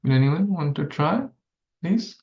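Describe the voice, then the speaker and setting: Man, scripture class teacher, explains verses syllable by syllable, gravelly voice, echoey room. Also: a little high, expressive, a little mellow. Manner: slow, explains verse syllable by syllable, asks listeners questions. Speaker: Bhagavatam class speaker. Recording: echoey room, dull lo-fi sound.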